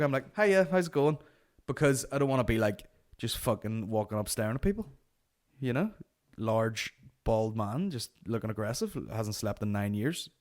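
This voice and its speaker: Sweary man ranting comically. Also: lowish voice. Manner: sweary, animated, exasperated. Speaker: podcast host. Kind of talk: comic storytelling rant.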